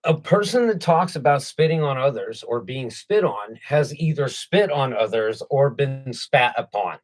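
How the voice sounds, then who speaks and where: A man's voice: medium pitch, lively intonation, a little slow, low-quality recording. A man co-hosting a casual political chat show, sarcastic, profane and jokey. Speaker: co-host.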